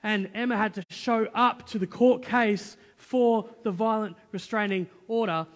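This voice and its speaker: A male pastor preaching a sermon, telling a personal story in a lively, conversational way with quoted dialogue. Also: sits high, measured pace. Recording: long church hall reverb.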